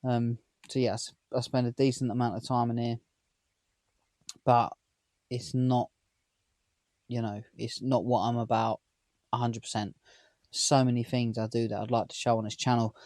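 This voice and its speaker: A man's voice: medium pitch, a little mellow, dry recording. Man, 30s, London-area accent, mid-range voice, dry close sound, rambling vlog chat from a van. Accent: southern English, London area. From England. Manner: rambling, chatty, asks viewers questions. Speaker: vlogger. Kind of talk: casual chat to camera. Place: inside a parked camper van.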